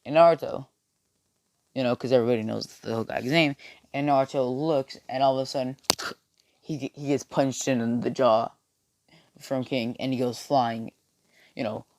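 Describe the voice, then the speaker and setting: A man's voice: mid-range voice, fairly even intonation, moderate pace, a little mellow. A young man casually telling a made-up fan story, with many fillers and restarts. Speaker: video creator. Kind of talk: rambling fan-fiction storytelling.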